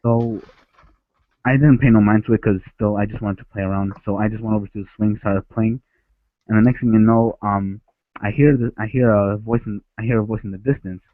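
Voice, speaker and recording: The caller, a man from Ecuador, has a fairly low voice with fairly even intonation and talks fairly quickly on a headset. With no echo and a dry, tinny phone-like sound, he rambles through a childhood story, restarting many times.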